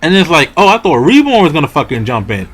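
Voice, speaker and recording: A young man casually reviewing a manga chapter, talking in an excited, profane, rambling way. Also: on the high side, fast talker.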